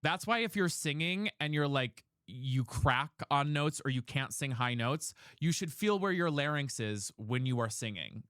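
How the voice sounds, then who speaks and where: Young guy streamer just chatting w his chat, mid pitch, super dry close sound. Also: animated, a little slow, few pauses, fairly bright tone, clear, resonant tone, no echo. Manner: chatty, reads chat aloud and explains vocal technique. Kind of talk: casual live-stream chat.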